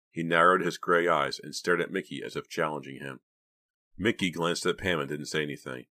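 A man narrating an audiobook in a steady, measured storytelling manner. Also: very deep voice. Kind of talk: scripted narration.

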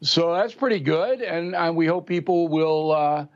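A man's voice: fairly high pitch, a little slow, lo-fi sound. An older man in his seventies giving blunt, emphatic political commentary in a talk show interview, mocking politicians by mimicking them.

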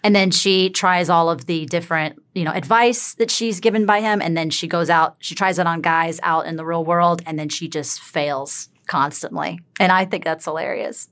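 An easygoing woman filmmaker chatting in an interview and laughing often. Her voice sits slightly low. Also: moderate pace, hardly any pauses, fairly bright tone. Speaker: filmmaker guest. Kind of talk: casual interview.

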